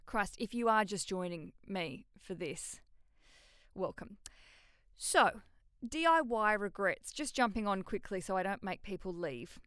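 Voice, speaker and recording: A woman's voice: medium pitch, animated, measured pace, a bit bright, smooth, dry recording. An Australian woman hosting her own podcast, chatting casually, rambling and swearing freely with self-mocking asides. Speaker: podcast host. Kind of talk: casual solo podcast chat.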